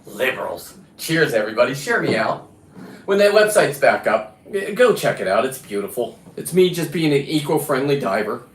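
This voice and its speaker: A man's voice: mid-range voice, very animated, normal speed. A middle-aged man from California ranting bluntly and profanely through a rambling livestream monologue. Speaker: livestreaming diver and fisherman. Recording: roomy echo.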